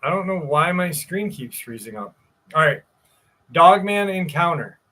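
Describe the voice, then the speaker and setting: A man's voice: a little high, animated, a little slow, sharp tone. A man hosting a live stream, chatting casually and reading a listener's story aloud. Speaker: host.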